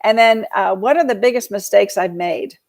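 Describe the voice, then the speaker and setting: A woman's voice: medium pitch, moderate pace, darkish tone. A woman from Georgia hosting a casual live show on real estate, chatty and rambling, with many fillers and laughs. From Georgia, US South. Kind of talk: casual live-stream talk.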